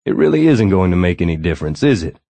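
Man reading as a wry defiant friend, low, husky. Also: sing-song, fast, warm tone, dry recording, exaggerated voice. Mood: resigned. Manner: wry, resigned, then defiant. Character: a weary but defiant man, his friend.

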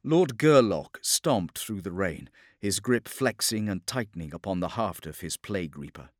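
A man narrating a war story as a scripted audiobook, in a steady, dramatic storytelling delivery. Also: sits low, normal speed, dry recording, studio quality.

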